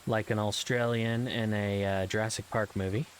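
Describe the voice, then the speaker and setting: A man's voice: on the low side, steady tone, moderate pace, a little hiss or hum, low-quality recording. A man giving casual, rambling commentary while playing a video game, with frequent ums and uhs and self-deprecating asides. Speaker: let's play gamer.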